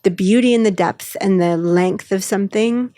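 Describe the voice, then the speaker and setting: A woman co-hosting a podcast, chatting in a casual, heartfelt and effusive way, often quoting friends in a lively voice. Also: mid-range voice, moderate pace, dry recording, studio quality. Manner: effusive, emotional, quotes others in lively voices. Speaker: podcast co-host.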